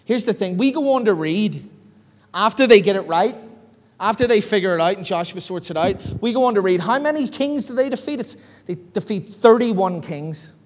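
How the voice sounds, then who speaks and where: A man preaching a sermon as pastor, animated, acting out bits of dialogue in different voices. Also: high voice, moderate pace. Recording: long hall reverb.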